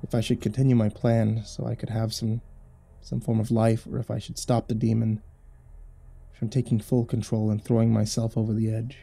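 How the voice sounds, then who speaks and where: A man reading a first-person horror story aloud, measured with dramatic swells. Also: lowish voice, little pitch movement, vocal fry, mellow, breathy edge.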